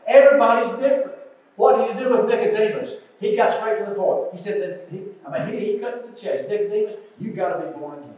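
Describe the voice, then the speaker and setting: An older preacher delivers an earnest sermon, his high voice moving between loud pleading and quiet asides. He sounds far from the mic. A heavy church echo hangs around every word. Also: fast talker, muffled recording. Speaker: pastor. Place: church sanctuary. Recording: echoey church sanctuary, distant mic.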